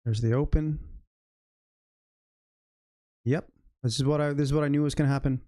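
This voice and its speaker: A man talks casually over a live trading stream in a dark, mellow voice, muttering and cursing at his own mistakes. The sound is dry and close, with no room echo around it. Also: fairly high pitch, steady tone, moderate pace. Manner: frustrated, swearing, self-critical muttering. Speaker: livestream day trader.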